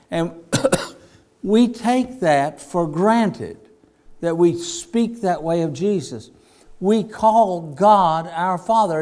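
Male pastor, sermon, slow deliberate delivery, slightly high voice. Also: a little mellow. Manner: slow, deliberate preaching with emphatic rises.

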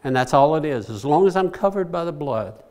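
A man's voice: on the high side, expressive, a little fast, darkish tone. A man preaching a sermon, who repeats his key phrases and puts questions to the congregation. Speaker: pastor.

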